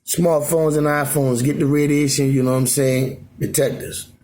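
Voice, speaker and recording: A man's voice: fairly high pitch, flat delivery, moderate pace, a little mellow. A man talking loosely to his phone camera at home in Alaska, rambling and repeating "you know what I'm saying". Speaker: vlogger. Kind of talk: rambling casual monologue.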